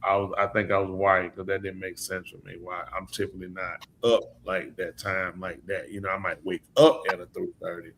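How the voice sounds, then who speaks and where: Bright-voiced male preacher telling stories. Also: low-pitched, fairly quick, vocal fry, hardly any pauses, slight background noise. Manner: lively storyteller who acts out quoted voices. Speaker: podcast host and preacher. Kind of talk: casual storytelling chat.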